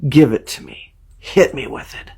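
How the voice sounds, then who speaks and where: A man's voice: mid-range voice, animated, moderate pace, gravelly, a little mellow, slightly rough. A man joking crudely and speaking straight to his viewers in a reaction vlog. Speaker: comedic vlogger.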